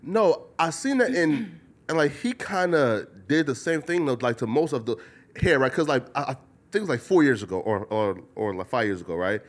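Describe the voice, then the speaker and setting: A man's voice: medium pitch, animated, moderate pace. A man hosting a casual interview, rambling with lots of filler words. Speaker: podcast host.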